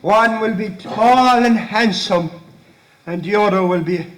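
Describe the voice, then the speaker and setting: A man's voice: sits high, a bit bright. An actor playing an odd, brooding young Irish countryman who repeats himself when frightened, on stage. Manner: halting, repeats words, fearful. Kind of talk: amateur stage play. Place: stage in a hall. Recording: echoey hall from far off.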